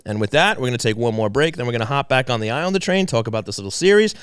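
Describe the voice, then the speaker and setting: A man, co-hosting a hockey podcast, moving between casual talk and animated sponsor reads. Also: rapid-fire, few pauses, smooth, dry recording, clean studio sound. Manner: animated, loud pitch during sponsor reads. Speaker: podcast co-host. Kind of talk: casual hockey talk and live-read ads.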